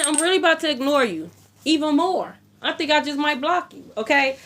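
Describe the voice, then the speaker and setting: Bright high-voiced woman reading tarot. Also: expressive, a little fast, slight background noise. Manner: blunt, profane, repeats herself. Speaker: tarot reader.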